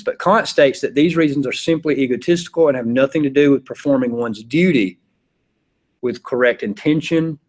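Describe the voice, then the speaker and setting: Chatty male philosophy teacher. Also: mid-range voice. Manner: chatty, acts out examples in voices. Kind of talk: casual classroom lecture. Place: classroom.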